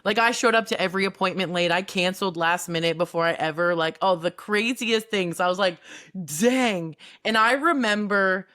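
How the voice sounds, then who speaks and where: A woman guest talks through personal stories in a relaxed podcast chat. Her voice sits slightly low, and she speaks candidly with many "like"s. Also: brisk, hardly any pauses. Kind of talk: casual chat.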